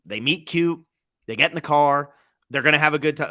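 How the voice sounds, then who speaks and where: Bright-voiced man, animated movie chat. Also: on the high side, fairly quick. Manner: animated storyteller, acts out quotes. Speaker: podcast co-host.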